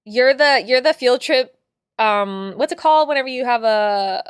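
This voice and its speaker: Upbeat woman streamer with a high voice and close, dry sound; playful, giggly, rambling chat. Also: normal speed, clean tone, no echo. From father from Puerto Rico. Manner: playful, laughs often, rambling. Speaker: livestream host reading chat. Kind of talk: casual chat with viewers.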